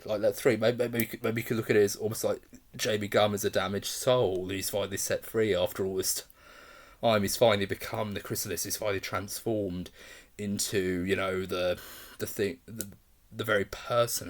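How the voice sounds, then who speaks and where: A man with a fairly low voice talks through a film in a loose, unscripted review. He rambles and doubles back as he talks. He is openly enthusiastic and laughs often. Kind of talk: casual spoken film review.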